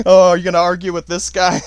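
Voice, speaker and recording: A man's voice: high-pitched, expressive, moderate pace, dry recording. A man hosting a podcast, talking in a rambling, profane monologue and laughing often between his points. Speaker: podcast host. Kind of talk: casual monologue.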